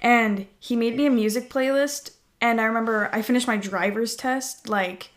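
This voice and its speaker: A woman's voice: fairly high pitch, fairly even intonation, normal speed. A young woman in casual chat, telling dating stories in a chatty, giggly way with lots of fillers.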